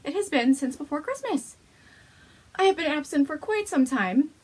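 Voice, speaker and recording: A woman's voice: high voice, animated, normal speed, a little mellow. A woman hosting a knitting podcast, chatting casually at home to the camera, bubbly and gushing, laughing often.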